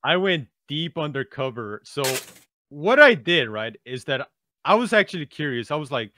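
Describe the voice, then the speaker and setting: A man co-hosting a podcast, telling a story in an animated way and often checking in with "right?". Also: a little high, normal speed, no room sound. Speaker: podcast co-host. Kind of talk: casual podcast discussion.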